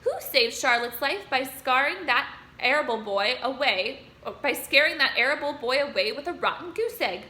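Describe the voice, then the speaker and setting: A woman's voice: high-pitched, expressive, moderate pace, pushed and bright. A woman voicing a lazy, selfish male rat in a storybook, growling and mocking sarcastically. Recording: roomy room echo.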